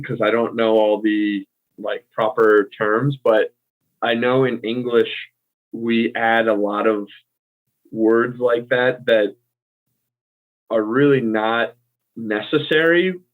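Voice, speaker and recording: Laid-back American man, tinny line. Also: mid-range voice. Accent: General American. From United States. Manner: laid-back, explains with many fillers and easy laughs. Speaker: co-host. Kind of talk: casual conversational language chat.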